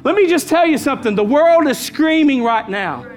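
A man with a very high voice preaches a sermon as a pastor. He hammers his points home, repeating key lines and calling out to the congregation. Soft music plays faintly behind him. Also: expressive, moderate pace. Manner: emphatic preaching with repeated phrases and call-outs.

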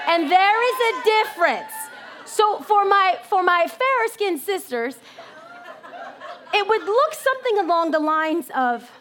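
A woman preaching a sermon in an animated, joking storytelling manner. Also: very high-pitched, slight background noise. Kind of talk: comedic sermon.

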